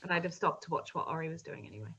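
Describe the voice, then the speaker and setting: Lively-voiced woman playing a tabletop game. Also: low-pitched, rapid-fire, vocal fry, breathy edge, muffled recording. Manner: hesitant, restarts with ums. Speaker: player. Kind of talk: casual chat at a tabletop game.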